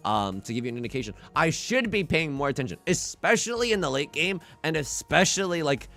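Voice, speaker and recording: Lively, gravelly-voiced male streamer. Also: on the high side, fairly quick. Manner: animated, self-deprecating, frequent restarts. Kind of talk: casual livestream chat.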